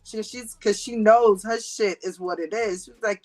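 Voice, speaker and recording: A woman's voice: medium pitch, normal speed, a little mellow. A woman hosting a livestream, reading chat comments and gossiping in a sassy, slangy way with frequent laughter.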